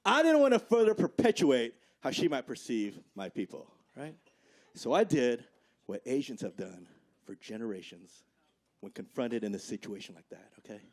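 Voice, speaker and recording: On a comedy club stage, amid audience laughter, a forty-something stand-up comedian from the Midwest talks conversationally and ends lines with "right?" and "okay?". He speaks at a medium pitch and moderate pace, sing-song and a little mellow.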